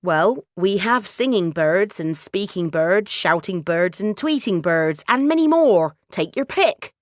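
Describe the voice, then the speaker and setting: A woman's voice: on the low side, lively intonation, unhurried, no room sound, clean studio sound. A woman doing a chatty bird merchant. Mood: salesy. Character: chatty market bird merchant, salesy and obliging.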